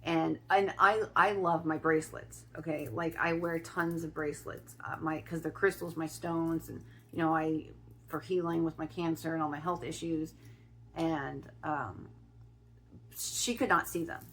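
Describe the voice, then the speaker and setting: A middle-aged woman from Ohio telling a personal story in a chatty vlog, often restarting her sentences and filling pauses. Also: sits low, steady tone, fairly bright tone, a little hiss or hum. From Ohio, USA. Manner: chatty, with many restarts and fillers. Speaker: spiritual vlogger.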